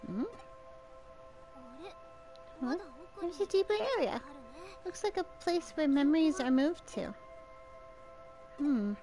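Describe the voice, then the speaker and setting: High-voiced woman streamer reading game lines. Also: lively intonation, slow pace, long pauses, warm tone, soft background music. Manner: reads dialogue in several voices between casual asides. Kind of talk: reading game dialogue aloud on a live stream.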